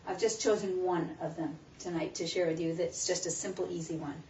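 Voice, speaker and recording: A woman presenting a live stress-management workshop, teaching in an animated way with rhetorical questions. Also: on the low side, a little fast, a little hiss or hum. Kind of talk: live talk to a small audience. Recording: roomy, distant, muffled room recording with faint background.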